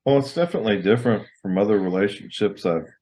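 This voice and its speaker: A man co-hosting a podcast with his partner, speaking in halting, stop-start sentences with a dry sense of humor. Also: fairly low pitch, a little mellow. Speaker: co-host and partner. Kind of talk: casual chat.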